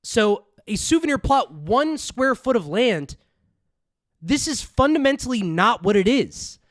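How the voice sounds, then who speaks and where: A man's voice: very high-pitched, very animated, a little slow, dry recording, studio quality. A man hosting a reaction video, ranting with heated profanity and mocking the clips he plays. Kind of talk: profane angry rant.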